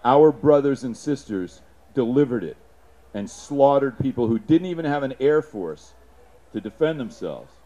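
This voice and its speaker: A man giving an impassioned, profane public speech, punctuated with shouted sound effects. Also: medium pitch, lively intonation, moderate pace.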